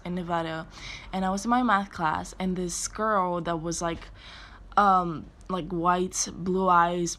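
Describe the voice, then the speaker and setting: A woman's voice: fairly low pitch, a bit bright. A young woman from Spain telling a storytime video in a casual way, full of "like" and swearing.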